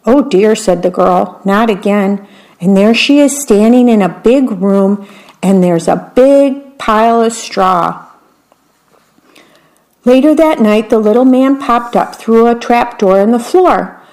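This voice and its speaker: A woman reading a fairy tale aloud, gentle with wry asides. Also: on the high side, takes it slowly. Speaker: storyteller.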